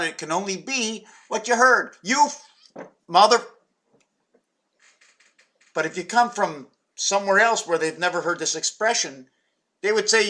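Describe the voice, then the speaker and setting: A man's voice: high voice, bright, forceful tone. A man from Quebec, Canada, talking in a meandering, playful vlog monologue full of wordplay and muttered asides. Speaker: vlogger.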